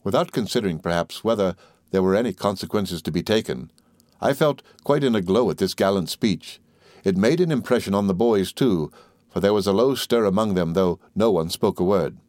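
A man narrating a classic novel in a low, steady voice. The reading is measured and unhurried, recorded close and dry with no room sound. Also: dry recording. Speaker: audiobook reader. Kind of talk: scripted narration.

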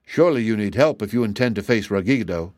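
A man voicing a dainty, reckless young female rainbow fairy in a high, pleading and imperious tone. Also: lively intonation, fast talker, a little mellow, no room sound, clean studio sound, lightly acted. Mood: bright. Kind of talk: storybook character voice.

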